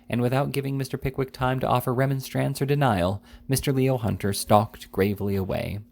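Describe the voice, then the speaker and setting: A man reading a classic novel aloud in an unhurried way, now and then correcting a slip. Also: mid-range voice, steady tone, creaky, darkish tone. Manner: unhurried, with small slips and self-corrections. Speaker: audiobook reader.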